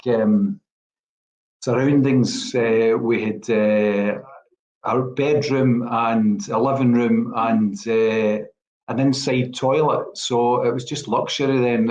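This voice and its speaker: A Scottish man in his sixties from Glasgow, once a footballer, spins rambling, filler-heavy stories during a relaxed interview, in a Glaswegian accent. His medium-pitched voice is a little mellow. The audio is roomy and dull.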